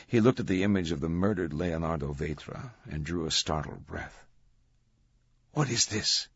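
A man narrating an audiobook in a measured, even storytelling manner. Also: sits low, slightly rough, dry recording. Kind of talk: scripted narration. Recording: dull dry audiobook recording.

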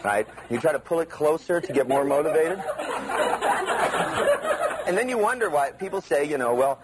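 Animated male seminar lecturer. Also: fairly high pitch, normal speed, very noisy. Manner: animated, acts out inner voices.

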